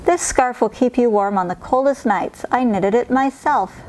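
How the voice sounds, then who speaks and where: A woman voicing a kindly, chatty old grandmother in a storybook, cheerful and doting, gently scolding. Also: a little high, normal speed, slight background noise, voice pushed up, natural voice, rough recording. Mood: tender. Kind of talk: storybook character voice.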